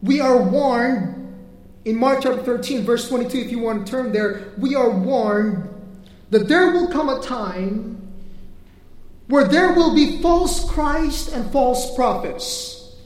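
A man preaching a sermon as pastor, teaching earnestly verse by verse, pausing on fillers and repeating points. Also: extremely high pitch, lively intonation. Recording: echoey hall with long reverb.

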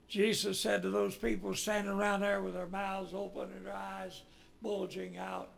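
A man's voice: sits high, completely flat delivery, gravelly. A man preaching a sermon in a folksy, storytelling way, rising dramatically when he quotes. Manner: folksy, slow, with dramatic rises when quoting.

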